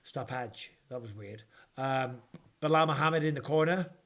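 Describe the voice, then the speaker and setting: Excitable man hosting a live fight watch-along. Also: medium pitch, moderate pace. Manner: excitable, banters with viewers, swears casually.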